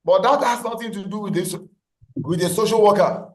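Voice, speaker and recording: Male lecturer on a video call, high voice, repeats points for emphasis. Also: brisk, roomy sound, low-quality recording. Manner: repeats key phrases, asks class questions. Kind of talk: online class lecture.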